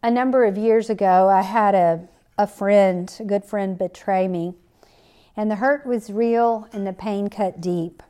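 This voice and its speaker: A woman's voice: medium pitch, a little slow, warm tone, clear, resonant tone. A middle-aged woman hosting a faith podcast, earnestly telling a personal story and quoting scripture. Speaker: podcast host. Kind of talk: faith-based podcast talk.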